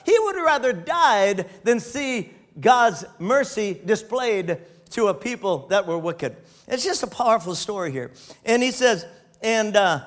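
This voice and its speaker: High pitched guy preaching, reads the verses then chimes in laughing a lot. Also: big pitch swings, moderate pace. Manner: reads aloud then breaks off to comment, laughing often. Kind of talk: sermon reading and commenting on scripture.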